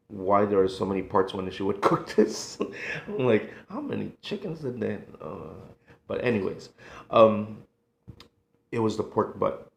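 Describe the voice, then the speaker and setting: Middle-aged male vlogger, slow gravelly delivery, nostalgic and halting, roomy echo. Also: lowish voice. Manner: emotional, halting, sighing, nostalgic. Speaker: food vlogger. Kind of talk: casual reminiscing monologue. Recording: echoey room.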